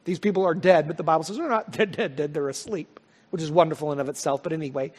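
A male pastor preaching a sermon, swelling to loud, high peaks and then dropping to soft, quiet lines. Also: quick pace. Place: church sanctuary. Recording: long hall reverb.

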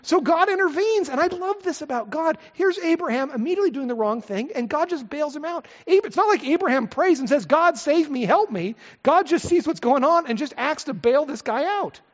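A man's voice: very high-pitched, expressive, a little fast, few pauses. A middle-aged man preaching a conversational sermon from the pulpit, full of asides and rhetorical questions. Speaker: pastor. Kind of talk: expository sermon. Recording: echoey hall, slightly dull sound.

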